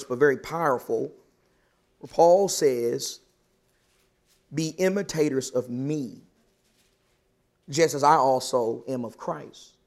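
A man preaching a Bible class lesson, reading scripture and asking questions, slowing down to stress key words. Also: a little high, a little mellow.

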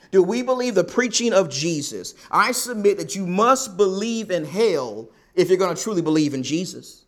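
A man's voice: sits high, fairly bright tone. A male pastor preaching a sermon, emphatic and repeating his key points over and over.

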